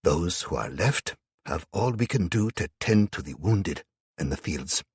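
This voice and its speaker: A grave, gentle older imam in an audiobook, speaking in hushed tones at a very unhurried pace, as a man voices him. The voice is husky and low, with a dry, close sound. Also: animated, dry recording, heavily acted. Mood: sorrowful.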